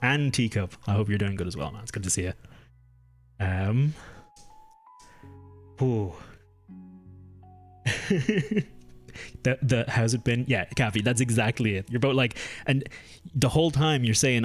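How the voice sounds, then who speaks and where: A young man chats loosely with his audience, stopping and restarting his sentences and drifting from one tangent to the next. Music plays quietly under his voice. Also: mid-range voice, normal speed, pauses often. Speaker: streamer. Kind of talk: casual live-stream chat. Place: home room.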